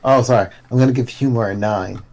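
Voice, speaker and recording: A man's voice: mid-range voice, quick pace, darkish tone. A man co-hosting a podcast, telling anecdotes in slangy casual chat with lots of laughter. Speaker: podcast co-host.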